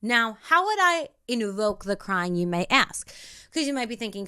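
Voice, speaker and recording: A young woman hosting a spiritual self-help podcast, talking in an emphatic, repetitive, animated way. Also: a little high, moderate pace, clear, resonant tone. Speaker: podcast host.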